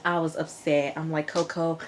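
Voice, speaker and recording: A woman reviewing a TV episode in a chatty, animated way, laughing often and talking straight to her viewers. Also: deep voice, a little hiss or hum. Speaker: TV show reviewer. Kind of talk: casual review vlog.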